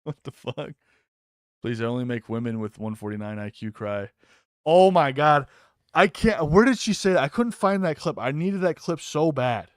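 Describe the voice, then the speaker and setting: A man hosting a casual live-stream commentary, excitable and mocking, swearing freely. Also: a little high, moderate pace, dry recording, clean studio sound.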